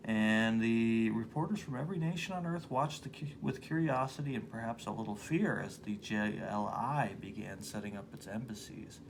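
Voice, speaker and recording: A man's voice: on the low side, normal speed, vocal fry, hardly any pauses, slight background noise. Man reading comic captions aloud. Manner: reads captions aloud, offhand comments. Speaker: podcast co-host. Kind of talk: casual chat about comics.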